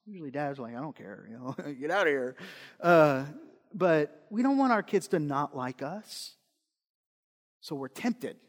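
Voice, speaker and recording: A man preaching a sermon as pastor, swinging between emphatic, repeated points and quiet conversational asides. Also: fairly high pitch. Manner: repeats key phrases for stress. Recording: long reverb in a large hall.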